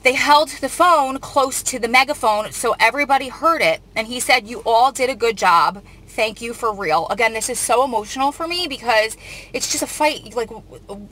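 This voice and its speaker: A woman's voice: a little high, sharp tone, poor audio. A young woman vlogger reading a news article aloud and reacting to it in an earnest, emotional way. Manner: earnest, emotional, often close to tears.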